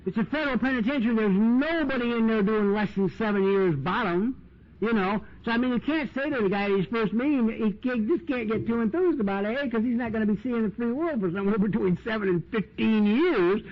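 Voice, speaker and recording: A man's voice: sits high, brisk. A man speaking at a recovery meeting, telling stories in a chatty way with lots of "you know" and "man", recorded on an old tape. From United States. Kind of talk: recovery talk storytelling. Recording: dull lo-fi 1990s tape with hiss.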